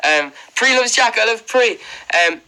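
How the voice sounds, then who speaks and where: A man's voice: extremely high pitch, animated, a little slow, pushed and bright, clear, resonant tone, low-quality recording. A young Irish man chatting casually on a phone livestream from his bedroom, rambling with fillers as he thanks viewers one by one. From Ireland. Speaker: livestream host. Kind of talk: casual livestream chat reading comments. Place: bedroom indoors. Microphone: phone held close.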